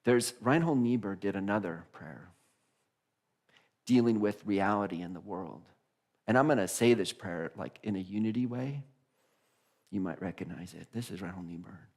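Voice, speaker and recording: A male minister giving a conversational sermon in a church, animated, often restarting phrases and laughing. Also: fairly low pitch, normal speed, pauses often. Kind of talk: casual sermon. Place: church sanctuary.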